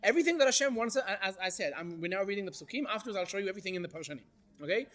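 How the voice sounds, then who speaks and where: Animated man teaching a class. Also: high-pitched, racing. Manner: animated, questions the class, Hebrew verse quotes. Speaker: Torah teacher. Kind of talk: interactive Torah class.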